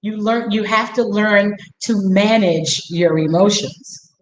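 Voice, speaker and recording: A woman's voice: mid-range voice, slow. A woman in her fifties hosting a casual conversation, telling stories animatedly and acting out the dialogue. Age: 50s. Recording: echoey room.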